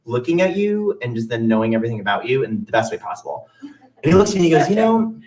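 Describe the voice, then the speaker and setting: Far from the mic, a young man with a darkish, mid-range voice talks fast and very animatedly on stage. Performing alone, he delivers a funny, self-mocking personal story in a chatty storytelling monologue with songs.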